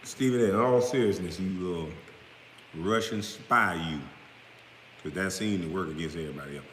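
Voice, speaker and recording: A man delivering a blunt, profane, confrontational rant straight to camera, now and then breaking into loud outbursts. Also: deep voice, normal speed. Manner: smoking hookah while talking. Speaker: vlogger responding to critics. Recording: roomy echo with long reverb, faint background noise.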